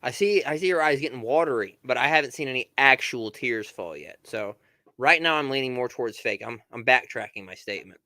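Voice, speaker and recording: A man's voice: medium pitch, expressive, brisk, pushed and bright, no echo. A man giving reaction commentary in a blunt, casual way, stumbling over restarts. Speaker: commentary host.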